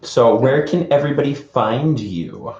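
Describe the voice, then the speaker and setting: A man's voice: medium pitch, animated, a little slow, a little mellow. Guy reading off chat comments, laid back, dull echoey audio. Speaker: livestream host. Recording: roomy, dull livestream audio.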